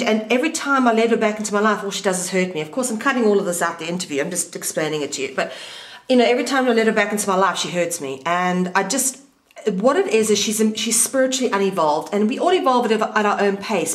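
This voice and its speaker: A woman's voice: medium pitch, animated, fast talker, echoey room. A woman interviewing an old school friend in a casual, candid chat, swearing freely and mimicking voices.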